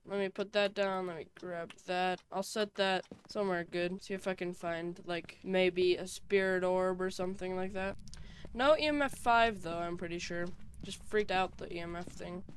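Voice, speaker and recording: A woman's voice: lowish voice, normal speed, a little hiss or hum. A young woman giving nervous, chatty commentary while playing a horror game alone, with jumpy reactions. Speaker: gaming YouTuber.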